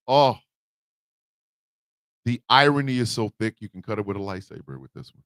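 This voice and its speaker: A man ranting comedically as a show host, loud and animated with shouted bursts. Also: mid-range voice, moderate pace, long pauses, no echo, studio quality. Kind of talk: comic rant.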